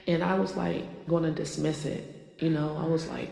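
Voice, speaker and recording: A woman's voice: low voice, fairly even intonation, moderate pace, creaky, warm tone. A woman in her forties, a spiritual channeler, talking casually and rambling with many fillers. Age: 40s. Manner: rambling, filler-heavy, self-conscious. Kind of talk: casual confessional talk. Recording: echoey room, long reverb, faint music.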